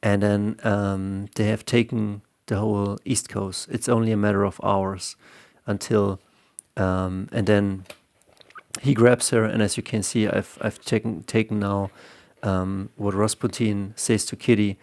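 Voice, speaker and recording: A man talks casually about making comics, drifting from point to point and restarting his sentences. His voice is low and gravelly, with plenty of fry. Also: little pitch movement, measured pace, darkish tone. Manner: loose and rambling, repeating words as he restarts. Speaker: comic artist and teacher. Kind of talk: casual explanatory talk.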